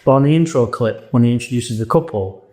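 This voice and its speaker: A man's voice: mid-range voice, fast. Male co-host, chatty recapper, mimics people, echoey room. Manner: animated, retells scenes, mimics people, swears freely. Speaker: podcast co-host. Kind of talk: casual chat.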